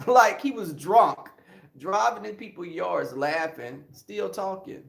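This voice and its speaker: A man's voice: high-pitched, expressive, takes it slowly, vocal fry, fairly bright tone. A man telling comic stories as a podcast guest, laughing often and acting out voices. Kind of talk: comic storytelling. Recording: roomy echo.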